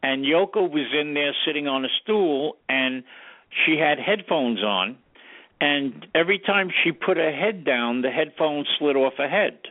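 An older man, a guest sound engineer, telling an animated anecdote and acting out the lines he quotes. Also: fairly high pitch, measured pace, no room sound. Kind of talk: storytelling anecdote. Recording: tinny phone line, dry.

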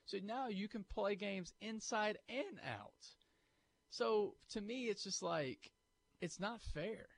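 A man's voice: high-pitched, slow, vocal fry. A man co-hosting a sports talk radio show, arguing his case and acting out listener objections. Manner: animated, argumentative, acts out imagined listener objections.

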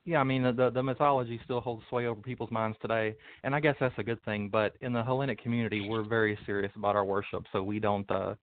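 A man's voice: on the low side, flat delivery, fast, few pauses, no echo. A man with a North Carolina accent answering interview questions as a guest, hesitant with many fillers. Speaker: guest, priest. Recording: tinny phone-line sound.

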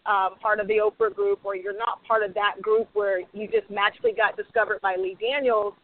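A woman's voice: medium pitch, steady tone, brisk, few pauses, no echo. A woman screenwriter talking emphatically on a panel, acting out snatches of dialogue as she makes her points. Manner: emphatic, acts out quoted dialogue. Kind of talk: animated panel discussion. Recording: tinny phone-like audio.

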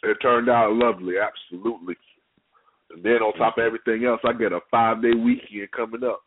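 A man co-hosting a casual chat, relaxed and easygoing. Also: on the low side, quick pace. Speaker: co-host. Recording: tinny phone-like line.

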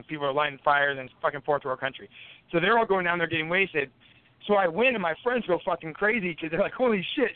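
A man's voice: sits high, clean tone. A man telling his stories as a podcast guest, a boxer from the United States, swearing constantly and laughing between anecdotes. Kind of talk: casual storytelling on a podcast. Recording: tinny phone-like line, dry.

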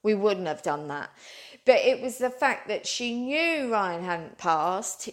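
A woman's voice: mid-range voice, lively intonation, slow. A woman, a psychic medium, telling a long story in an earnest, rambling way and calling her listeners "guys". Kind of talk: animated storytelling.

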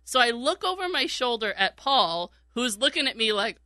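A woman's voice: fairly high pitch, big pitch swings, moderate pace, sharp tone, no echo. A woman telling a casual story in a chat, laughing often and acting out what people said. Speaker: radio show regular, former call screener.

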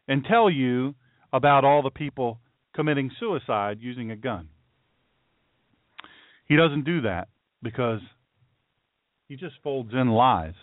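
A man's voice: medium pitch, dry recording. A man hosting a talk radio show, delivering a heated political monologue full of repeated rhetorical questions. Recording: tinny phone-like line.

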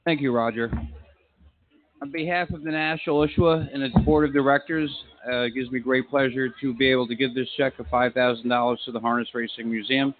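A man's voice: mid-range voice, fairly even intonation, a little fast, dry recording. A man representing an association, making brief formal remarks while presenting a donation. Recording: tinny phone-like audio.

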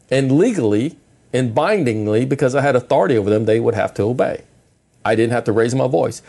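Calm, plain-spoken middle-aged male preacher. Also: fairly high pitch. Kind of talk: conversational sermon.

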